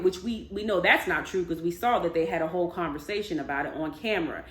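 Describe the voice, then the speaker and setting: A woman recapping a reality show in a casual, animated, chatty way, with emphatic storytelling. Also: medium pitch, a little fast, hardly any pauses. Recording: echoey room.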